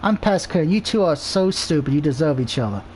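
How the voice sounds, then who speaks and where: A man's voice: a little high, animated, fairly quick, a little mellow, slight background noise, voice pushed down, natural voice. A man reading the lines of a haughty, bossy succubus girl who snaps insults at everyone. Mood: sulky. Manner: scornful, snapping insults.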